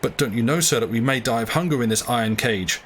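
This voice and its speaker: A man's voice: medium pitch, quick pace, slight background noise, natural voice. A man voicing an indignant, blustering harpooner in a read-aloud novel. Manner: indignant, complaining. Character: angry blustering male harpooner, sailor.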